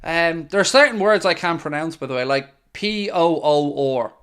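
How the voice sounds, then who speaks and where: An Irish man hosting a live football watchalong, reacting excitedly and calling the play as it happens. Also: on the high side, moderate pace, clean tone. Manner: excitable, jumps into play-by-play shouts. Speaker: watchalong host. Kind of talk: live match reaction commentary.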